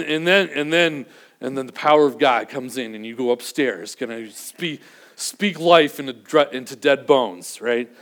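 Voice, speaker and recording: High-voiced man preaching earnestly. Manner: earnest, builds to emphatic peaks then drops low. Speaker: pastor. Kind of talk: sermon.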